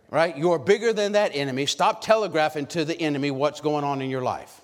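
A man preaching a sermon with lots of energy, calling out questions to the congregation and shouting at high points. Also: fairly quick, few pauses. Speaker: pastor. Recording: long hall reverb.

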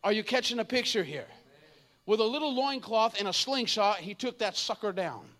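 A man in his fifties preaching an energetic, comedic sermon, joking and acting out voices. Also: sits high, normal speed. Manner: animated, jokey, acts out voices, shouts at times.

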